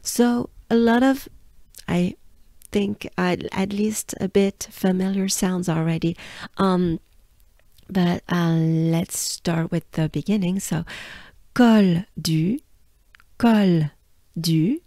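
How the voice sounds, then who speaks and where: A woman's voice: lowish voice, fairly even intonation, slow pace, pauses often, warm tone, dry recording, clean studio sound. A woman from France with a French accent, teaching pronunciation patiently and breaking words into syllables. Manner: patient, drills sounds syllable by syllable. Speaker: pronunciation coach. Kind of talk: slow pronunciation lesson.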